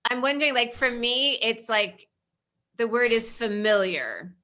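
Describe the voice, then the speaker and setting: A woman's voice: fairly high pitch, animated, unhurried, sharp tone. A woman co-hosting a casual podcast conversation, speaking in an earnest, thoughtful and emphatic way. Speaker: podcast co-host.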